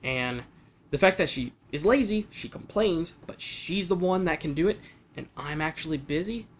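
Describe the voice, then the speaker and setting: A young man venting in a casual vlog, talking in a frustrated way with frequent restarts and stumbles. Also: fairly high pitch. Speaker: vlogger.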